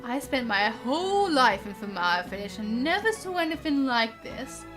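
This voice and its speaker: A kindly old village grandfather fusses over his wandering granddaughter, as a woman streamer puts on a deeper old man voice. He talks slowly and warmly, his pitch rolling up and down. Clear game music plays underneath. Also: very animated. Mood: fatherly. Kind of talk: reading game dialogue aloud in character.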